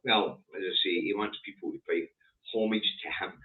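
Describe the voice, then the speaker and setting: A Scottish man co-hosting a casual political chat show, talking in an indignant, animated way. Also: normal speed. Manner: animated, indignant, pitch jumping up on emphasis. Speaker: co-host. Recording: distant, phone-like audio.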